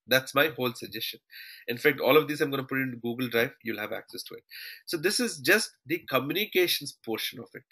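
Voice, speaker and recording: A man's voice: medium pitch, lively intonation, fast talker, pushed and bright, breathy edge, low-quality recording. A man teaching a live online class over a shared screen, calling his students "team" and tagging his points with "okay" and "all right". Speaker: online trainer.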